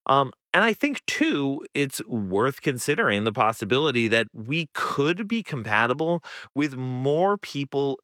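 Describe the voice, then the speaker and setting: A man's voice: mid-range voice, sharp tone, no room sound, studio quality. A man, a psychology professor, explaining research earnestly as a guest in an interview.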